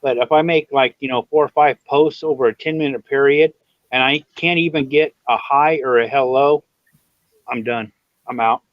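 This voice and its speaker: A man's voice: medium pitch, fairly even intonation, normal speed, dry recording, dull audio. A man in casual chat on a live stream, rambling and swearing freely.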